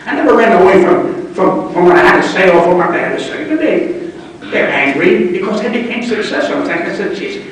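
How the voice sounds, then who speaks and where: A man's voice: sits high, very animated, a little fast. Blunt New comic in his eighties. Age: 80s. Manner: blunt, gruff street talk, sharp punchlines. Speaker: comedian. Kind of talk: stand-up storytelling at a book signing. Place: large club function room. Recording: distant mic in an echoey room.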